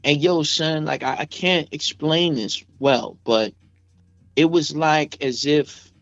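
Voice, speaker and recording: A man's voice: fairly high pitch, takes it slowly, vocal fry, a bit bright, no echo, faint music behind. A man, a rapper guest telling a story in a loose, rambling way, full of fillers. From Staten Island, New York. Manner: rambling, heavy with fillers like "you know what I'm saying". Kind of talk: casual emotional storytelling. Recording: dull, dry podcast audio.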